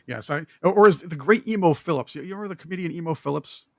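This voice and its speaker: A man hosting a political talk show, opinionated and joking, with emphatic, animated delivery. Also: on the high side, racing, vocal fry, no echo, clean studio sound.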